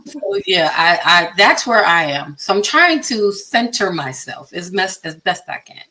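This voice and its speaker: Bright-voiced chatty woman in her fifties. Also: fairly low pitch, a little slow, low-quality recording. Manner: chatty and expressive, acts out her own reactions. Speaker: guest panelist. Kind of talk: candid podcast chat.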